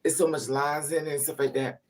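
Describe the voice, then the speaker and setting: A vlogger with a fairly high voice and little pitch movement talks to camera a little fast. In a candid monologue he tells personal family stories bluntly, profanely, and emphatically, with frequent asides.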